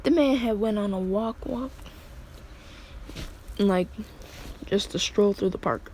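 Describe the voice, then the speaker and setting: A woman's voice: medium pitch, takes it slowly, a little mellow, slight background noise, low-quality recording. A woman casually retelling a story in a rambling way, full of fillers.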